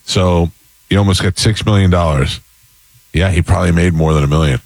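A man's voice: low-pitched, fairly quick, creaky, no room sound, low-quality recording. A man co-hosting a podcast who chats casually with blunt, dry asides. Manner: blunt, dry asides, works out numbers aloud. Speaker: podcast co-host. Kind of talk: casual chat.

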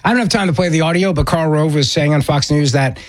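A man's voice: fairly high pitch, fast, background noise. A man hosting a political talk radio show, delivering an opinionated monologue and repeating words for emphasis. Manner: emphatic, repeats words when pressing a point.

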